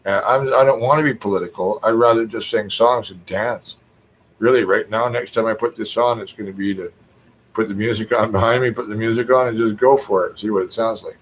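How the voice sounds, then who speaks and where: A man's voice: fairly low pitch, steady tone, brisk, a little hiss or hum, rough recording. A middle-aged Canadian man ranting in a rambling spoken monologue, cursing freely and mimicking other people in raised voices. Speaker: poet.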